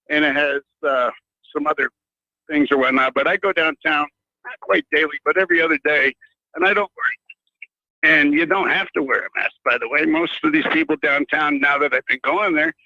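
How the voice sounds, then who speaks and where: Gravelly, bright-voiced man on a muffled line. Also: on the high side, no room sound. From United States. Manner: rambling with many fillers and restarts. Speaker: caller. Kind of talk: rambling call-in rant. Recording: muffled phone line into radio.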